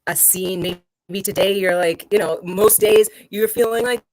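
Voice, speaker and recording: A woman hosting a casual chat about improv, conversational and putting on much higher voices for quotes. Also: moderate pace, darkish tone, no echo, low-quality recording. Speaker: podcast host.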